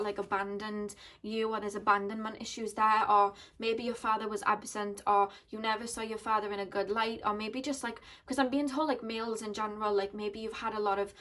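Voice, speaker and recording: A woman's voice: mid-range voice, fairly bright tone, slight background noise. A woman giving an intuitive tarot reading to her viewers, speaking earnestly and thinking aloud as she goes. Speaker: tarot card reader.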